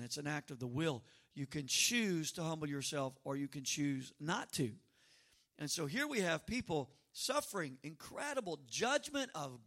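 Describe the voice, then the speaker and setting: Male pastor, higher voice, animated sermon delivery. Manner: lively, shifts from quiet to loud; conversational storytelling preacher.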